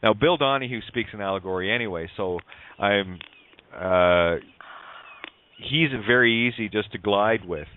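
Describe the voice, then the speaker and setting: Over a dry, tinny, phone-like line, a radio host with a low, unhurried voice explains ideas at length in rambling call-in talk. His explanations lean on wordplay, and a faint hiss or hum runs underneath.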